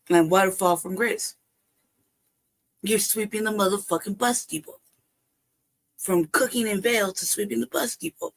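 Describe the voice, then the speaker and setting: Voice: mid-range voice, moderate pace, vocal fry, long pauses, a bit bright. Profane laughing livestream storyteller. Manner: acts out both sides of a conversation. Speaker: livestream host. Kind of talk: casual storytelling monologue. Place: home livestream setup.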